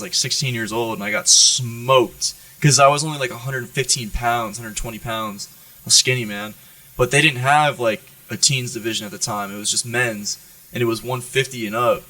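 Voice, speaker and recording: An American man tells war-room stories from his Marine days, swearing freely and tossing in "right?" to keep his listeners with him. His voice is bright and forward at an average pitch, recorded close and dry with no room sound. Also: normal speed, no room sound, distant mic, rough recording. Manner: profane, animated storyteller who keeps checking in with "right?". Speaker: Marine guest on a podcast. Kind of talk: storytelling in an interview.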